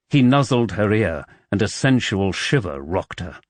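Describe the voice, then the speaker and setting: Casting: male audiobook narrator, lively pitch, bone-dry close-miked studio sound. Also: no room sound. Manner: expressive, measured storytelling. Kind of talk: scripted narration of a romance novel.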